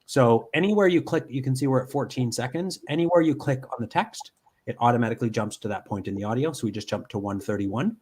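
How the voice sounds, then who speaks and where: A man giving a live software demonstration from home, explaining step by step with frequent ums and restarts. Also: medium pitch, expressive, quick pace, breathy edge.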